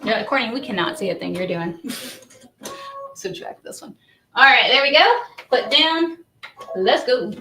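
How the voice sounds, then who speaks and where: A woman's voice: a little high, lively intonation, unhurried, pauses often, bright, forceful tone, soft background music, poor audio. A woman hosting a live embroidery demo, chatty and gushing, laughing often and sounding a little congested. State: congested, says she is on cold medicine. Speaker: host demonstrating embroidery. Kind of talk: casual live demo chat.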